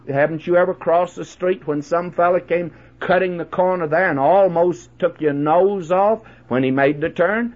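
A man preaching on the radio, telling a personal story in a chatty way, with many halting restarts. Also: fairly high pitch, sing-song. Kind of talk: folksy sermon with personal anecdote. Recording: dull lo-fi old radio recording.

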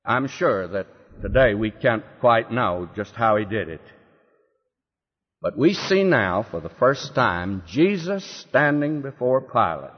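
Big pitch swings mark this man's slow, mid-range delivery as he preaches an expository sermon. He performs quoted lines dramatically and asks his audience rhetorical questions, in a recording from a hall that sounds dull and lo-fi.

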